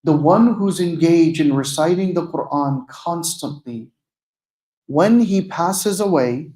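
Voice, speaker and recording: A man giving a sermon in a mosque, telling a personal story in an earnest, conversational way and slowing down to stress the key moments. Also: on the high side, dark tone. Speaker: preacher giving a night talk. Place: mosque prayer hall. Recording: echoey mosque hall.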